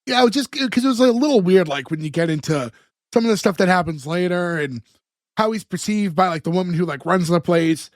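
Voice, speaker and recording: Animated and fairly quick, this high-voiced man recaps a sitcom episode in casual podcast chat. Talkative and loose, he leans on filler words and acts out the lines he quotes, captured in clean studio sound with no room sound.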